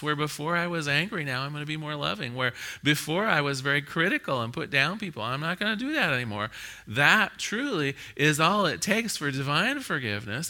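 A man preaching a conversational sermon, reading scripture aloud and telling stories with an animated, laughing manner. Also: a little high. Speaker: minister.

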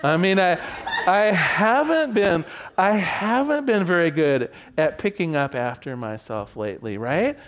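Gentle, lively-pitched male teacher. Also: measured pace, noisy background. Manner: gentle and earnest, acts out sample phrases softly; chuckles often, asks the group for agreement. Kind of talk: teaching a class on relationships.

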